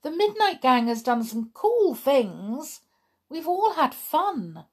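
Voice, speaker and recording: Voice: high voice, sing-song, slow, voice pushed up, full character voice. Brief: a woman playing a know-it-all girl, sarcastic, self-assured, storybook read-aloud. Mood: bossy. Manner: sarcastic and sure of herself.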